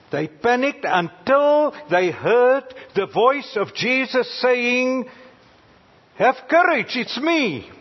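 A man preaching a sermon, swinging dramatically from loud cries down to near-whispers, with halting pauses and fillers. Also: sits high. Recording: dull lo-fi recording.

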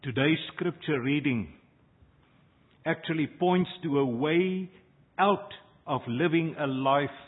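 A man preaching a sermon as pastor, slow and measured, with dramatic pauses between phrases. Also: fairly high pitch, breathy edge. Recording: tinny phone-like sound.

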